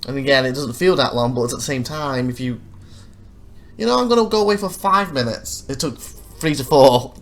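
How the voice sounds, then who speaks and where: A man's voice: medium pitch, moderate pace. Rambling man narrating his gameplay. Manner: rambling, self-correcting, animated when retelling frustrations. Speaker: let's play host. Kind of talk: casual gameplay commentary.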